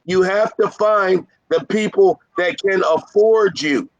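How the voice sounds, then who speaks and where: A man's voice: high-pitched, slow pace, no echo, lo-fi sound. A man coaching carpet cleaners in an informal, emphatic talk, fired up, repeating his points and teasing his listeners. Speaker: carpet cleaning business consultant. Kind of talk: informal motivational business talk.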